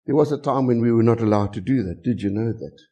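A middle-aged man with a South African English accent, preaching a sermon with animated storytelling and many rhetorical questions. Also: medium pitch, quick pace, breathy edge. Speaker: pastor.

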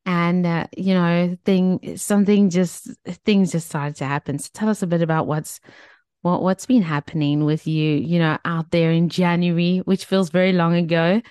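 A woman's voice: lowish voice, steady tone, moderate pace, darkish tone, clear, resonant tone, no echo, studio quality. A woman hosting an interview podcast, guiding her guest with encouraging, filler-laden prompts. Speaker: podcast host.

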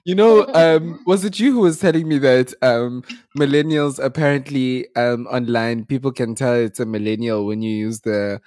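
A South African podcast co-host with a mid-range voice, recorded close and dry with no room sound. The talk is casual and animated, full of rambling anecdotes, fillers and bursts of laughter. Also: medium pitch, moderate pace, few pauses, no room sound. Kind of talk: casual chat.

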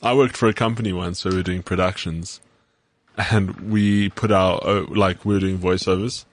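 Low-voiced South African man, easygoing. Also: fairly even intonation, normal speed. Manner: easygoing, agreeable, chimes in with short replies. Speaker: podcast co-host. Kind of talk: casual chat.

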